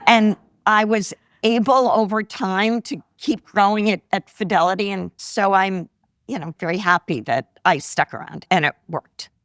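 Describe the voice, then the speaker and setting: A woman's voice: mid-range voice, moderate pace, no echo, clean studio sound. A woman in her sixties, an investor guest telling personal stories in a live podcast interview, acting out the voices she quotes. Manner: animated anecdotes, acts out quoted voices. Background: live audience laughter.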